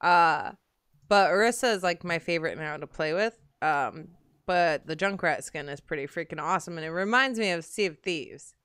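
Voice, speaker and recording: A woman's voice: on the low side, normal speed, a bit bright, clean tone, no room sound. Chatty woman hosting a gaming stream. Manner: chatty, laughs often, loose and rambling. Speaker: podcast host. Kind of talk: casual gaming chat on a livestream.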